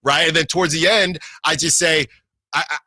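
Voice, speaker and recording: A man co-hosting a sports radio show, telling a long story in an animated way, acting out what people said and often repeating himself. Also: a little high, normal speed, dry recording, clean studio sound. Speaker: sports radio fill-in host.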